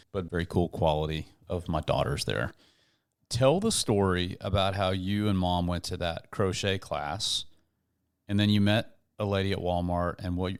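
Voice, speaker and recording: A man's voice: low voice, clear, resonant tone. A middle-aged man hosting a talk show, prompting his guest to tell her stories. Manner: prompting, encouraging. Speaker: host. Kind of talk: casual interview.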